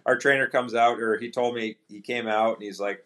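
A middle-aged retired hockey player, appearing as a podcast guest, tells relaxed anecdotes and acts out quoted dialogue in a casual storytelling interview. His lowish voice moves fairly quickly with few pauses.

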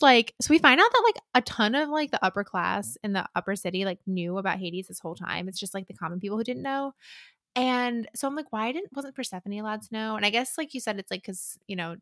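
A young woman co-hosting a podcast in relaxed casual chat, hesitant and full of fillers. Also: medium pitch, brisk, dry recording, clean studio sound. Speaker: podcast co-host.

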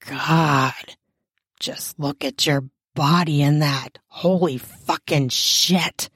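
Lady doing a bossy bookish prof, low grumbly voice, slow and dry. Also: fairly even intonation, a bit bright, breathy edge, dry recording, heavily acted. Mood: grumbling. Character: bossy, bookish adult woman professor lover. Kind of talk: audiobook character voice.

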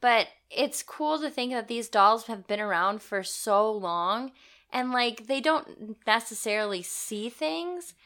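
A woman's voice: a little high, animated, slow, a bit bright. A young woman co-hosting a casual chat, giggly and filling her talk with "like". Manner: chatty, giggly, peppered with "like". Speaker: podcast co-host.

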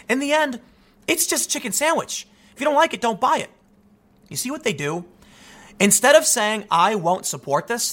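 A man giving opinionated video commentary, animated and rambling, with frequent stammered restarts. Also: sits high. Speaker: political commentator.

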